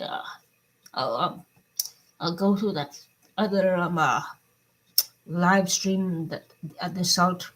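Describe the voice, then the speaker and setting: A middle-aged woman giving a personal video update, upset and swearing, her voice swinging between loud anger and quiet, subdued talk. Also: fairly low pitch, poor audio. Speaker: vlogger.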